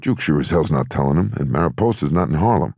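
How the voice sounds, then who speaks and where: A man's voice: a bass voice, expressive, quick pace, creaky, a little mellow, breathy edge, no room sound, clean studio sound, exaggerated voice. A man doing a brash young mobster. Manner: blustery, streetwise. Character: brash young male Prohibition-era gangster.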